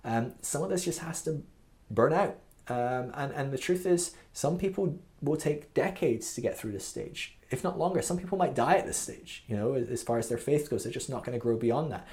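A man's voice: mid-range voice, normal speed, darkish tone. A man hosting a faith podcast, explaining a development model in a casual, earnest teaching monologue, full of fillers, restarts and "okay?" checks. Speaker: podcast host teaching a spiritual growth model.

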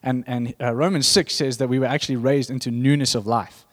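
A man's voice: medium pitch, fairly even intonation, brisk. A man preaching a sermon in a conversational, rambling way, restarting his sentences and breaking into asides.

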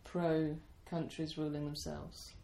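Brief: British woman guest, low soothing voice, hesitant and reflective, echoey room. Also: level tone, slow, creaky, slight background noise. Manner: soft-spoken, thoughtful, hesitant with fillers. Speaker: interview guest. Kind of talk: casual interview chat.

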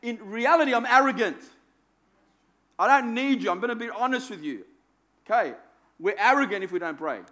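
A man's voice: very high-pitched, lively intonation, moderate pace, pauses often, sharp tone. A man preaching a sermon in a conversational, self-deprecating way, repeating phrases for emphasis. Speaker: pastor.

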